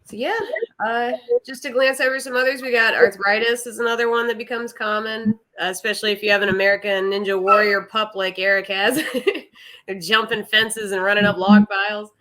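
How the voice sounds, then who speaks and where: Female shelter staffer, bright and forward tone, friendly explainer on a casual podcast. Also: medium pitch, flat delivery, a little fast, low-quality recording. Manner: friendly, explains pet care tips with easy laughs. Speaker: animal shelter staff member. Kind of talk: informative podcast chat.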